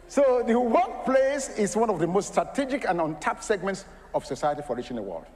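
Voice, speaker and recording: A man preaching with a high, lively voice that swoops up and down. He throws rhetorical questions at his listeners and laughs between points. His voice rings with the long reverb of a large hall. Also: a little fast. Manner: animated, laughing asides, rhetorical questions to the congregation. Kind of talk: sermon.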